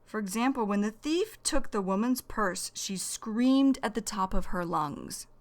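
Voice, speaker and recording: A woman's voice: mid-range voice, expressive, measured pace. A young woman teaching English vocabulary, repeating each phrase and defining it in plain words. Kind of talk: slow vocabulary lesson.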